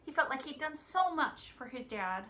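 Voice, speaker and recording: Bright, expressive woman teaching children. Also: high voice, moderate pace. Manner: gentle, expressive, asks children questions. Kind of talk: children's lesson.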